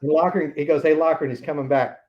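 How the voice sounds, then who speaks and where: A man's voice: on the high side, fairly even intonation, fast, lo-fi sound. A man in his sixties, a podcast guest, telling anecdotes in a casual interview and acting out the voices of the people in them.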